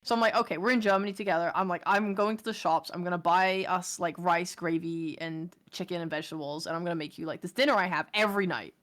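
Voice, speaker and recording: A young woman streamer telling a story in casual chat, animated, swearing and laughing often. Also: on the low side, fast, few pauses. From England.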